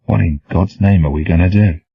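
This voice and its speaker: A man's voice: low-pitched, brisk, gravelly, husky, dry recording, exaggerated voice. A man voicing an uneasy young male soldier, dazed and unsure, in a storybook reading. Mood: worried. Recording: dull, dry, lo-fi.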